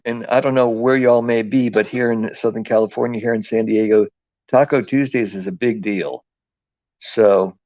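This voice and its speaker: A man's voice: fairly low pitch, darkish tone, no echo. A man with a New England accent hosting a casual live craft demonstration, rambling and joking as he thinks aloud while working, heard in dull lo-fi livestream sound.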